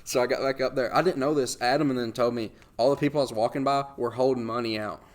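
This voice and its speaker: A man's voice: mid-range voice, steady tone, quick pace. A young adult man hosting a podcast, telling a story in casual chat and laughing often along the way. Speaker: podcast host.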